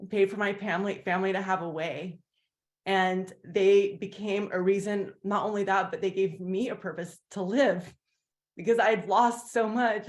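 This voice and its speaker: Woman, team leader, candid testimony, rambling and animated when quoting others. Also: mid-range voice. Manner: rambling with many fillers and restarts. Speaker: team leader sharing her story. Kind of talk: heartfelt personal testimony on a team call.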